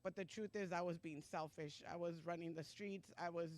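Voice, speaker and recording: A middle-aged woman giving a personal testimony at a church Sunday service, speaking in a halting, emotional way with many pauses and fillers. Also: fairly low pitch, fairly even intonation, a little mellow.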